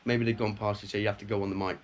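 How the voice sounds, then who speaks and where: A man's voice: lowish voice, level tone, rapid-fire, a little hiss or hum. A man co-hosting a casual chat, talking in a friendly, chatty way about his time as a holiday rep. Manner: chatty, plugs a travel business. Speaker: podcast co-host.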